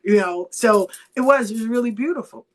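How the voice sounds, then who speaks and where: Brief: middle-aged woman, animated storyteller with a fairly high voice, salty and quick to act out every character she quotes. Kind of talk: casual storytelling chat.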